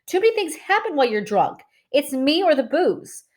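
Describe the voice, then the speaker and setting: A woman reading aloud, voicing a sharp, direct teenage girl with a high, pressing voice. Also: sing-song, fairly quick, natural voice. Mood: angry. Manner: insistent, pressing.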